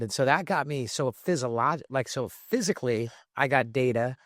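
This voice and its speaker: A man's voice: medium pitch, moderate pace, fairly bright tone, no echo. A man in the middle of the male range hosts a podcast conversation. He speaks candidly and loosely, with frequent restarts and fillers as he works through his thoughts. The sound is close and dry. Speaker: podcast host. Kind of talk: casual conversational podcast talk.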